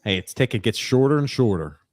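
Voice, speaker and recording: A man's voice: medium pitch, animated, fairly quick, no echo, studio quality. A man co-hosting a casual podcast, reading out live viewer comments in a rambling way with many fillers. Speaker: podcast co-host.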